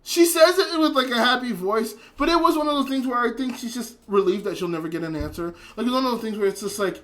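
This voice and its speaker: A slightly bright, mid-range voice rambles through a casual spoken anime review, full of filler words, restarts and offhand swearing. The speaker sounds emotionally invested, trailing off and starting over.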